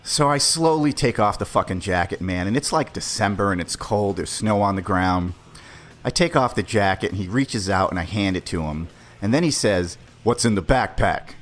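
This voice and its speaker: Telling a story on his podcast, this man in his 40s from around Boston keeps it casual, chatty, and full of profanity. His fairly low voice is a bit bright, with lively intonation and a moderate pace.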